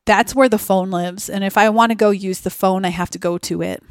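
A woman guest on a podcast talks in a relaxed, chatty way, circling her thoughts with lots of filler words. Her voice is smooth and clear, recorded close and dry with no room sound. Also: mid-range voice, brisk, no echo. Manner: chatty, thinks aloud with many fillers. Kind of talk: casual conversational interview.

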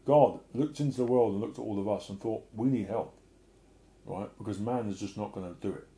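Low gravelly middle-aged guy, earnest emotional testimony, kinda mumbly at times. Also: a little fast. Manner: emotional, earnest, often drops to a soft murmur. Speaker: Christian speaker. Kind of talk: personal testimony and preaching.

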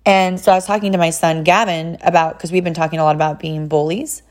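Chatty woman from California, somewhat low voice, casual storyteller, lots of "like". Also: quick pace. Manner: chatty, frequent "like" fillers, animated retelling with quoted voices. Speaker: mother sharing personal stories.

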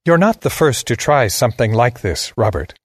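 A man voicing a cold, emotionless woman who controls time, speaking in a flat, uninflected way, in a story reading. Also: medium pitch, moderate pace, slightly rough, no room sound, clean studio sound.

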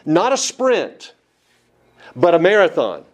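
Emphatic preacher man, fairly high voice. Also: wildly swooping pitch, takes it slowly. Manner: emphatic, asks the congregation rhetorical questions. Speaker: pastor. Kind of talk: sermon.

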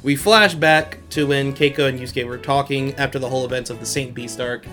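A man's voice: mid-range voice, brisk, a bit bright, faint music behind. Laid-back slangy young guy. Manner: slangy, laughs often, quotes characters in his own voice. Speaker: podcast host. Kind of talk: casual anime episode recap.

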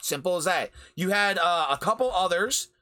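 A man's voice: high-pitched, lively intonation, moderate pace, pushed and bright. A man hosting a podcast, ranting about anime in a heated, profane way and repeating phrases for emphasis. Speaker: podcast host. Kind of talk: anime review rant. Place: home recording during a storm.

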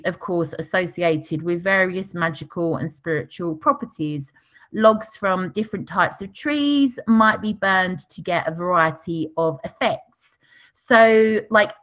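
A woman's voice: mid-range voice, a bit bright. A woman co-hosting a podcast in casual chat, chatty with frequent laughs and fillers. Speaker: podcast co-host.

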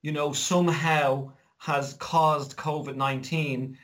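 Irish guy chatting, bit high pitched, animated, does little voices for other people. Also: slow. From Ireland. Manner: animated storyteller, acts out quoted voices. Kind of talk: casual chat.

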